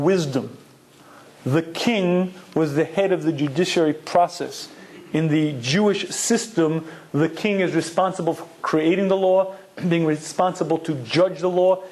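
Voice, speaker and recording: Male lecturer, Torah class, higher voice, emphatic, asks and answers his own questions. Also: a little mellow. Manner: emphatic, rhetorical questions, Hebrew terms. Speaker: Torah teacher.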